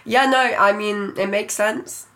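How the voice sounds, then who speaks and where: A woman co-hosting a podcast, reacting to a story with slow, measured comments. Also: mid-range voice, fairly even intonation, very noisy. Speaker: podcast co-host. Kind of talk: casual chat, listening and reacting.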